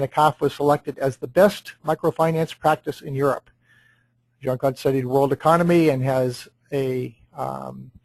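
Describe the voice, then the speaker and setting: A man's voice: on the high side, a little mellow, no room sound, rough recording. A man hosting a webinar, introducing a guest speaker with frequent ums and uhs. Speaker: webinar host. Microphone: computer microphone on a webinar.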